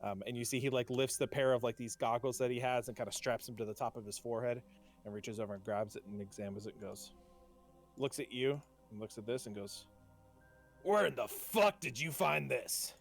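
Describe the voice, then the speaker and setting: A man's voice: medium pitch, fairly even intonation, quick pace, soft background music. A man narrating a tabletop game as game master, in a casual, rambling way with lots of fillers. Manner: casual, rambling, many likes and ums.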